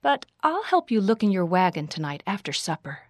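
A woman voicing a sensible young pioneer girl who talks in a calm, soothing, motherly way. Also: medium pitch, brisk, no room sound, clean studio sound.

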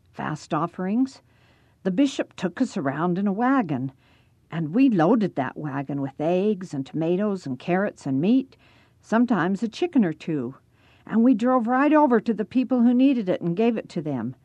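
A raspy, gruff old man , as a woman reader puts him on leans on each question with a sharp, suspicious edge and a lively rise and fall in his voice. The sound is close and dry. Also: fairly low pitch, moderate pace, no echo, dull audio.

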